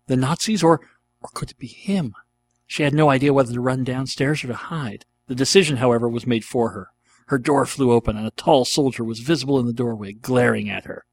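A man's voice: mid-range voice, dry recording. Man reading a fan fiction. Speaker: narrator.

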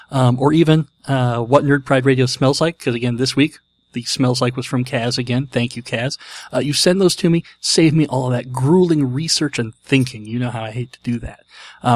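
A man's voice: medium pitch, no room sound. A man hosting his podcast, talking casually with a jokey, self-deprecating manner. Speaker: podcast host.

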